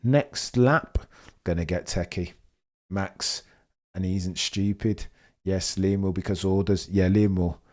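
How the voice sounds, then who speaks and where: A young man hosting a live race watch-along stream, chatting with viewers and reacting excitedly as the race unfolds. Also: sits low, slow. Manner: excitable, chatty, reads chat messages, swings from muttering to excited shouting.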